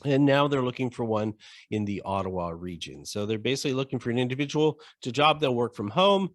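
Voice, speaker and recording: A man's voice: medium pitch, animated, fast talker, dry recording, studio quality. A man from Eastern Ontario co-hosting a casual golf podcast, explaining the news in an easygoing, informed way. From Eastern Ontario, Canada. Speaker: podcast co-host.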